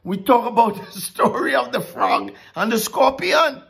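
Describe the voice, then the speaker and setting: Slow, emphatic woman preaching. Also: on the high side, sing-song, creaky, breathy edge. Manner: emphatic, drawn-out preaching with dramatic pauses. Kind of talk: sermon.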